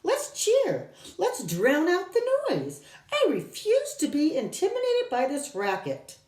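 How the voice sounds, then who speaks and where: A woman voicing a fussy, excitable elderly male professor with high, theatrical exclamations, read aloud from a storybook. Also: takes it slowly, full character voice. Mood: rousing. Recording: roomy, from a distance.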